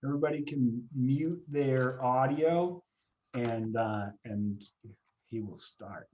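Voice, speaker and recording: A man hosting a live online comics reading on a video call, talking casually with many pauses and fillers. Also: medium pitch, a little mellow, highs cut off, a little hiss or hum. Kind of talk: casual event introduction. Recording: roomy echo.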